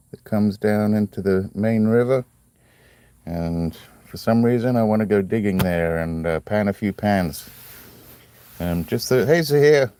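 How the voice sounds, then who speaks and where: A man's voice: on the low side, dark tone, dry recording. A man hosting a casual live stream, chatting in a rambling, friendly way and greeting viewers by name. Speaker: livestream host cutting stones.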